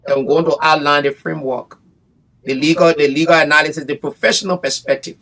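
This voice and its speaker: A man's voice: fairly high pitch, steady tone, quick pace, bright, forceful tone. A man, a bar association representative speaking emphatically in a radio interview, often repeating his phrases. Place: radio studio.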